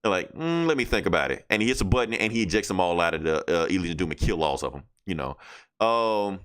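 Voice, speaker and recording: A man with a fairly low voice hosts a podcast. He recaps comic books in a loose, casual way and swears freely. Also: quick pace, a bit bright, smooth. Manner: loose, profane storytelling. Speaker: podcast host.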